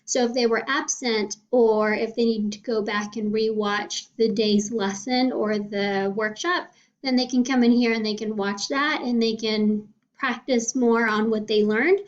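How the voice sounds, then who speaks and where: A woman's voice: on the high side, a little slow. A woman cosmetology teacher casually walking through her weekly lesson planning, often checking in with "okay?". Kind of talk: casual screen walkthrough. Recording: dull lo-fi sound.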